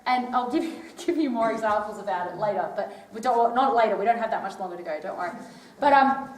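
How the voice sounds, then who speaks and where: A woman's voice: medium pitch, animated, fast talker, slight background noise. A woman giving a casual talk to a live audience, chatty and often checking in with "right?". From Australia. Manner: chatty, peppers sentences with tag questions like "right?". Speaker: touring public speaker. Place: old library hall, indoors. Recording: echoey hall, voice from far off.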